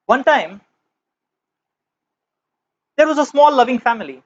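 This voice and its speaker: A man giving a spiritual lecture as teacher, telling a parable with slow, emphatic, measured phrasing, on a dull lo-fi recording. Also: very high voice, lively intonation.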